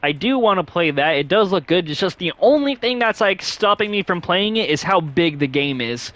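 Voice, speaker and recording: A man hosting a gaming channel, chatting casually and rambling, with many fillers and sudden jumps up in pitch. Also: animated, normal speed, a bit bright, dry recording. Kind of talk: casual vlog chat.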